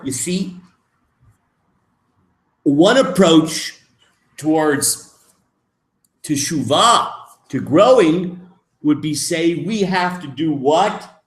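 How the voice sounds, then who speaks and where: A man teaching as a rabbi in a lecture, emphatic, moving between soft asides and loud, stressed points. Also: a little high, lively intonation, slow, pauses often. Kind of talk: lecture on Jewish mysticism. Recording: echoey room.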